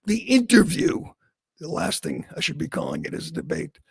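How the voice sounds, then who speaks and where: Male talk host, sarcastic opinion commentary, high lively voice, dry close sound. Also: creaky, husky, no echo. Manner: sarcastic, mocking, quick asides with laughs.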